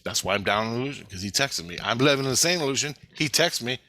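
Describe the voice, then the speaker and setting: A man recounting a dream in a rambling first-person account, excitable and profane, often repeating himself. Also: medium pitch, fast talker, no echo. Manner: excitable, profane, repetitive storytelling.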